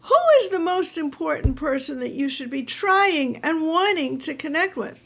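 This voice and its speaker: A woman's voice: sits high, normal speed, gravelly. A woman therapist hosting a self-help video series, talking straight to the viewer in an upbeat, coaching way. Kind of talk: direct-to-camera self-help talk.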